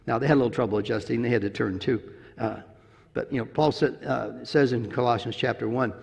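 A man preaching a sermon, telling a story in a folksy, chuckling way. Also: medium pitch. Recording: long echo of a large hall.

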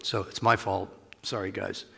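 Male pastor, bright raspy-edged voice, casual conversational sermon in a reverberant sanctuary. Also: lowish voice, moderate pace. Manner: conversational, animated preaching with chuckles and asides. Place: church sanctuary. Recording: long reverb of a large hall.

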